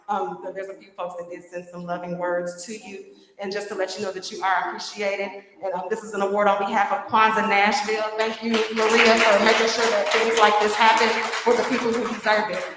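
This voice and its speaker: A woman emceeing a live community event in a church hall, chatty and lively, laughing between remarks. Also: mid-range voice. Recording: echoey hall with long reverb.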